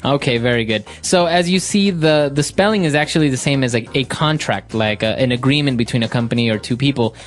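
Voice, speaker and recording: A man's voice: medium pitch, fast, hardly any pauses. A man co-hosting an English lesson podcast, asking questions and summing up each point. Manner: asks questions and sums up points. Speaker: podcast co-host.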